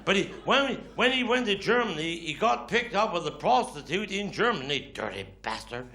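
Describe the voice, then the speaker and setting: This Cornish stand-up is very animated, his high voice bright and forceful with some vocal fry, moving at a moderate pace. Performing live before an audience that laughs, he tells dialect stories and puts on grumbling quoted voices.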